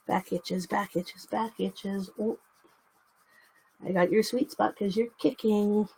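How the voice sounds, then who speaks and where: A woman's voice: medium pitch, steady tone, a little slow, a little mellow, slightly rough, dry recording. A young woman hosting a casual livestream, chatting to viewers and cooing baby talk to her dog. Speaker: livestream host.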